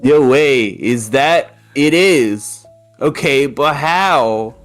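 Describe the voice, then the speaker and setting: Dude doing a stoner hedgehog voice, loud and drawly, super chill. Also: male voice, medium pitch, animated, drawn-out words, faint music behind, voice pushed up. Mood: amazed. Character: laid-back male stoner hedgehog.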